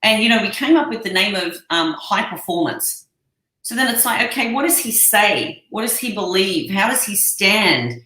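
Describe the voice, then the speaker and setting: An Australian woman talks as an interview guest, enthusiastic and emphatic. Her voice is bright and forceful. She is recorded in an echoey room. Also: mid-range voice, animated, moderate pace. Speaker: guest, life coach. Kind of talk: interview conversation.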